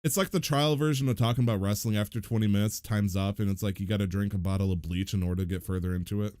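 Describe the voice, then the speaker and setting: A man's voice: lowish voice, fairly even intonation, fast talker, a little mellow, no room sound, clean studio sound. A man hosting a casual podcast, joking and laughing as he chats with his co-hosts. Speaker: host.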